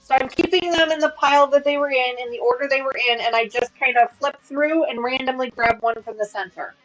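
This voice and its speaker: A woman's voice: sits high, fairly quick, fairly bright tone, muffled recording, faint music behind. A woman in her thirties hosting a casual sewing livestream from home, chatty and upbeat as she explains her work. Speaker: livestream host.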